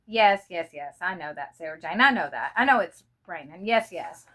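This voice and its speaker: A woman's voice: fairly low pitch, lively intonation, moderate pace, bright, forceful tone. A woman voicing a young male army lieutenant from the American South, drawling on the phone to his family. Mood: firm.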